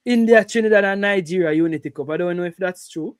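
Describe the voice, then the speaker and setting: A man's voice: high voice, fast talker, no room sound, studio quality. A man with a Jamaican accent in casual football chat, often laughing and repeating what others said. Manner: laughing, repeats lines, excitable.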